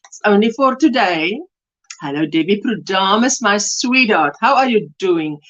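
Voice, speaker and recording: A woman's voice: medium pitch, lively intonation, measured pace, a bit bright, lo-fi sound. A woman hosting a casual crochet livestream, chatting and greeting viewers by name, with frequent laughter. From South Africa. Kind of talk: casual live-stream chat. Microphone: webcam.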